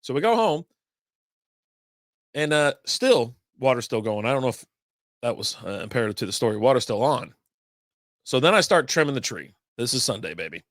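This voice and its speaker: A man's voice: mid-range voice, very animated, normal speed, pauses often, no echo, studio quality. Rambling man telling a weekend story. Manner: rambling, storytelling with many asides and fillers. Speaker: podcast host. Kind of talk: casual beer podcast monologue.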